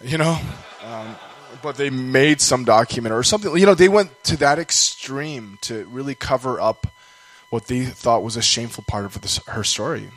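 A man's voice: mid-range voice, lively intonation, normal speed, a bit bright, poor audio. Rambling man telling a personal story. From Canada. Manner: rambling, self-deprecating, acts out quoted voices.

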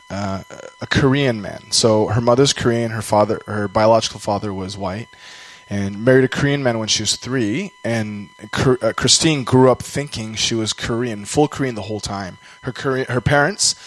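A man's voice: medium pitch, a bit bright, low-quality recording. A Canadian man telling a personal story during a sermon, rambling and self-deprecating, sometimes acting out the voices of people he quotes.

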